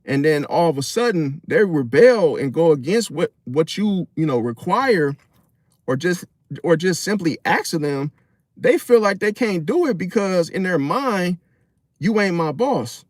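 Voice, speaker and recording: A man's voice: a little high, expressive, unhurried, dry recording, clean studio sound. A man in a casual, rambling monologue about relationships and astrology, slangy and profane, full of fillers.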